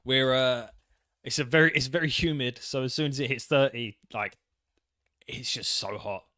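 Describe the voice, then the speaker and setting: A man's voice: mid-range voice, moderate pace, bright, forceful tone, no room sound, clean studio sound. A man casually commenting on a game he is playing, joking and mocking himself as he reads the text aloud. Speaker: gaming channel host. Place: home setup, in England.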